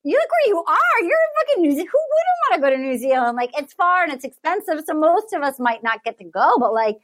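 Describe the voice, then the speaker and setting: A woman hosting a podcast in casual comedic chat, animated and profane, acting out quotes with lots of "like". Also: extremely high pitch, quick pace. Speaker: podcast host.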